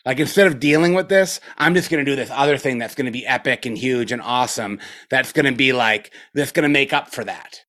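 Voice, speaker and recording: A man's voice: medium pitch, brisk, few pauses, fairly bright tone. Man, meditation teacher, casual dharma talk, rambling, profane, many fillers, spaced out, middle-aged. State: a little spaced out after retreat.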